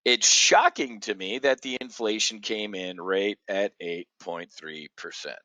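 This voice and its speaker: A man hosting an opinionated market commentary show, blunt and combative, jumping from loud outbursts to low muttering. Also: steady tone, a little slow, dry recording. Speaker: options trading show host.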